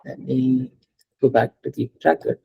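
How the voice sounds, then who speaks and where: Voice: medium pitch, measured pace, gravelly, slightly rough, lo-fi sound. A French teacher gives a live lesson. The teacher explains step by step, repeats each example and often checks that the student understands. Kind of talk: live online language lesson.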